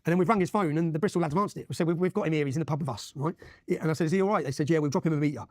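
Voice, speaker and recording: A man's voice: on the high side, rapid-fire, no room sound, clean studio sound. A man from Luton, telling his own story as an interview guest, emphatic and often checking in with "yeah?". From Luton, England. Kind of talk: animated personal storytelling.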